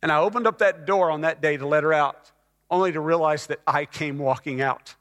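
Preacher guy telling his story, kinda high bright voice, big echoey church. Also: fairly quick. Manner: storytelling, swings from hushed to loud and emphatic. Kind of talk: testimony sermon. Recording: long hall reverb.

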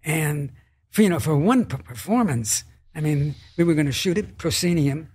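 An actor in his eighties talks as a guest on a casual podcast. He speaks haltingly, with many restarts and fillers. His voice sits a bit high and has a husky edge. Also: darkish tone. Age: 80s. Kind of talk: casual interview chat.

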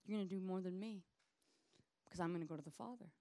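A woman voicing Jesus as a calm, friendly grown man, reassuring his followers in a low-key, matter-of-fact way. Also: fast, no room sound, lightly acted.

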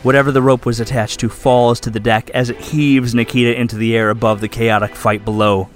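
A man's voice: medium pitch, level tone, fairly quick, soft background music. A man running a tabletop game as game master, narrating the scene in vivid detail. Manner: vivid descriptive storytelling.

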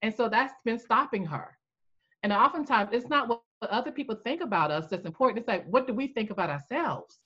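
A woman coach telling an animated story in a podcast interview, acting out the voices she quotes. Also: a little fast, husky, highs cut off. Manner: animated storyteller, acts out quoted voices with big pitch jumps. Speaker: coach and founder.

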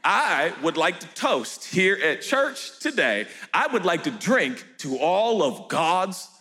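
A pastor preaching a sermon in an animated, joking way, often jumping into high, shouted outbursts. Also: male voice, slow, husky. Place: church hall. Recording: echoey hall with faint music.

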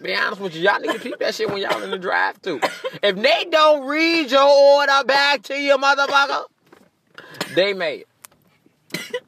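A man doing a profane, animated comedic rant, laughing at his own jokes. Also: extremely high pitch, normal speed, vocal fry, crowd noise. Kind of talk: stand-up style comedic rant.

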